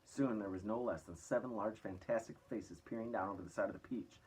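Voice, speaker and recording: Husky man reading a storybook aloud. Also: on the low side, brisk, low-quality recording. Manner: lively character voices, mostly raised and excited. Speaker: reader. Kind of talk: reading a children's book aloud.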